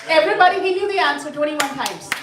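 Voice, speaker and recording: A woman telling a story to a group of children, animated and full of questions to her listeners, heard in an echoey room away from the mic. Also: high voice, far from the mic, heavy background noise. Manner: animated, asks the audience questions. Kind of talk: live storytelling class.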